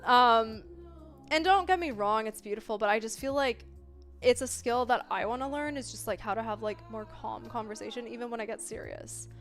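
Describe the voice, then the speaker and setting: Expressive high-voiced woman streamer. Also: normal speed, faint music behind. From Italian family background. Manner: expressive, swings between loud bursts and mellow talk, heavy filler words, swears. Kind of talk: casual live-stream chat.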